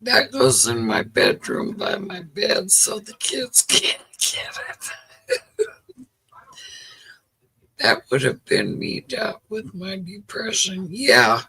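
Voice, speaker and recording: A woman's voice: lowish voice, sing-song, slow, creaky, pauses often, bright, forceful tone, breathy edge, rough recording. A middle-aged woman hosting a livestream, telling stories in casual chat and laughing often. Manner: chatty storyteller, laughs often. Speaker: livestream host.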